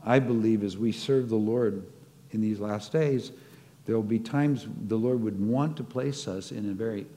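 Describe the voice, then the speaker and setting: A man's voice: on the low side, dark tone. A man preaching a sermon, reflecting on scripture and acting out short stories as he teaches. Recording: long hall reverb.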